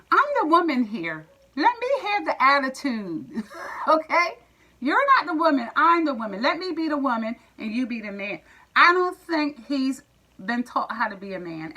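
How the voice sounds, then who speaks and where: Woman vlogger, AAVE, bright tense voice, blunt profane rant, slightly high. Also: poor audio. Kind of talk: ranting monologue to viewers.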